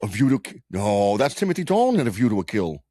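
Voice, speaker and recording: A man co-hosting a podcast in loose, profane casual chat, often stopping and restarting his sentences. His voice sits on the low side, and the recording is close and dry. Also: big pitch swings, dark tone, no room sound. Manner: rambling, profane, halting restarts. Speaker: podcast co-host.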